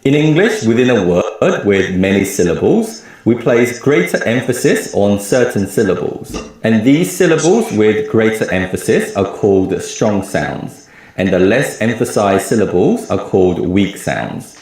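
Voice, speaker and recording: A man teaching a recorded lecture, explaining clearly and repeating example words slowly. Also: lowish voice, very animated, darkish tone, heavy reverb. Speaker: language teacher.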